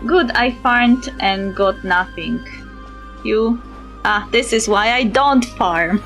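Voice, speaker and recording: A woman's voice: medium pitch, takes it slowly, fairly bright tone, soft background music. A woman streamer, chatting casually while playing and answering chat. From Poland. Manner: musing to herself, answering chat.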